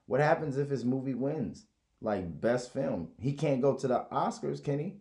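A man's voice: medium pitch, animated, moderate pace, darkish tone. A man hosting a podcast in a casual, profane monologue, rambling and mocking others with put-on voices. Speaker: podcast host.

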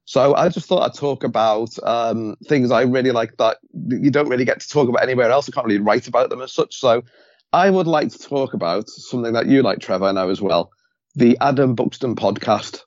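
A Liverpool man with a Scouse accent co-hosts a podcast in casual chat, sounding enthusiastic and stumbling over words, often repeating them as he starts sentences. His voice is mid-range and fairly quick. The recording is dry and lo-fi.

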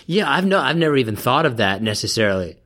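Man, podcast co-host, casual chat, blunt, teasing, animated pitch. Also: fast.

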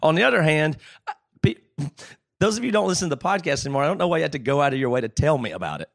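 A man's voice: fairly high pitch, sing-song, rapid-fire, creaky. A man hosting a podcast in casual chat, emphatic and restarting his sentences when he gets worked up. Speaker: podcast host.

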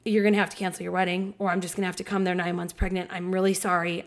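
A woman in her thirties, hosting a podcast, telling a candid personal story in casual chat. She talks in an animated way, swears freely, and acts out the people she quotes. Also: fairly low pitch, racing, hardly any pauses.

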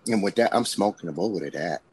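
Man, lowish voice, slangy, joking, casual chat, faint noise. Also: lively intonation, fast talker, a little mellow. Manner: joking, slangy, laughs often.

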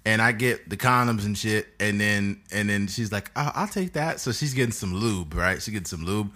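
A man's voice: on the low side, moderate pace, bright, forceful tone. A man, hosting a podcast and telling a crude story in casual chat, laughing often. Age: 30s. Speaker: podcast host.

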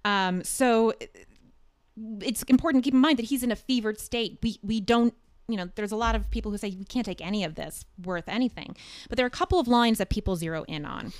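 A woman's voice: on the high side, a little fast, no echo. A woman hosting a podcast in a casual, chatty way, explaining things at length. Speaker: podcast host.

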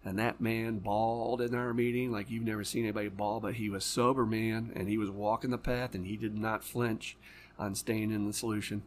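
A man's voice: on the low side, little pitch movement, brisk, a little hiss or hum. A man hosting a casual podcast conversation as an addiction counselor, swearing heavily as his passionate storytelling flares into angry rants. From lives in Florida.

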